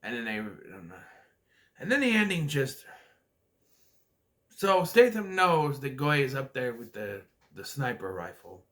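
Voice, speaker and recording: A man's voice: medium pitch, sing-song, a little slow, pauses often, a bit bright. A man casually reviewing a movie for his vlog, rambling with many restarts and acting out scenes. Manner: rambling, hesitant, many restarts and acted-out quotes.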